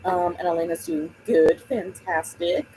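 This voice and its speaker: A woman's voice: lowish voice, a little slow, mellow, faint music behind, poor audio. A woman hosting a book livestream, chatting casually and rambling while she greets viewers by name.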